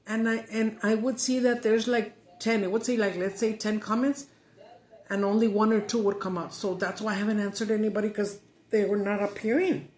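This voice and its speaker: A woman's voice: mid-range voice, steady tone, a little fast, darkish tone. Roomy-sounding woman venting. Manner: frustrated, cussing, mixing Spanish and English. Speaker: mukbang vlogger. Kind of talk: casual chat while eating. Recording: roomy echo.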